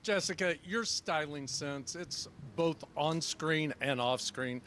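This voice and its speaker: A man fan asking an actress a rambling, halting question. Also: fairly high pitch, fairly bright tone, slight background noise.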